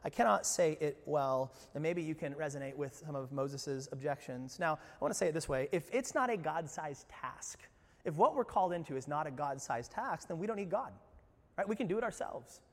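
A man preaching in a high, animated voice, talking to his congregation and often asking them questions. His voice carries the long reverb of a church sanctuary. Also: brisk. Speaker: pastor. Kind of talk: sermon.

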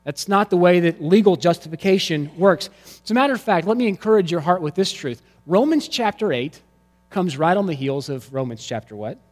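A male pastor preaching a sermon, swinging between loud emphatic lines and hushed, quiet ones. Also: high-pitched, animated, a little fast, long reverb tail.

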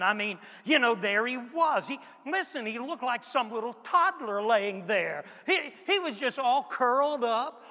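A man voicing the hot-tempered fisherman apostle Peter in a dramatic first-person sermon monologue, swinging between loud outbursts and hushed whispers. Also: high-pitched, in a large hall, exaggerated voice.

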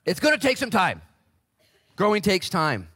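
A man in his forties preaching a casual, energetic sermon as pastor in a church, with big swings in pitch. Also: moderate pace, slightly rough, no echo. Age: 40s.

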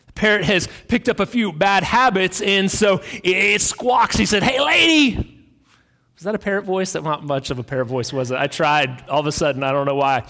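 Brief: male pastor, high voice, casual storytelling sermon, long hall reverb. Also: brisk, fairly bright tone. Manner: conversational storytelling with fillers.

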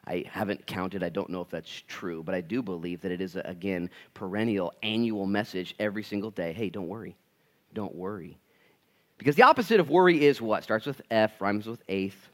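A man in his thirties preaching a conversational, jokey sermon to his congregation. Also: sits low. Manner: animated, acts out voices in quotes. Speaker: pastor.

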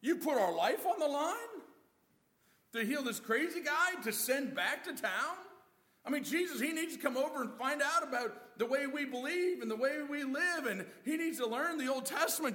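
A man preaching a lively sermon, acting out the disciples' voices with joking asides. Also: very high-pitched, normal speed, in a large hall. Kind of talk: animated sermon.

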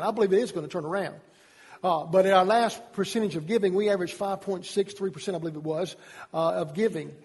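High-voiced Southern pastor, husky, echoing hall. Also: male voice, a little mellow. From Georgia. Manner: earnest, repeats words and restarts. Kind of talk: sermon. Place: church sanctuary.

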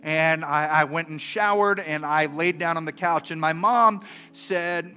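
A middle-aged man preaching a sermon and telling a story. He swings from soft and earnest to loud and animated. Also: fairly high pitch, normal speed, few pauses, clear, resonant tone, faint music behind. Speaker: pastor.

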